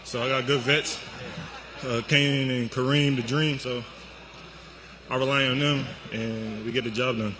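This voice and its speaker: A man answering post-game questions, calm and modest, in short replies. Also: medium pitch, a little slow, slight background noise. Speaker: basketball player.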